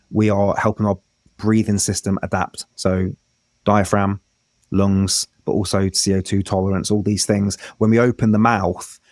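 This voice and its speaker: A man's voice: lowish voice, no echo, clean studio sound. A man, a breath work coach, explaining techniques in a casual interview with frequent restarts.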